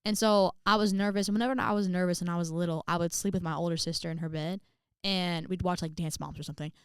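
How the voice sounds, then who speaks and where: Chatty young woman with a smooth voice. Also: lowish voice, fast, no room sound, clean studio sound. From Indiana, USA. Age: young adult. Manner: chatty, animated, many fillers, acts out quotes. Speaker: vlogger. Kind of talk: casual storytelling to camera.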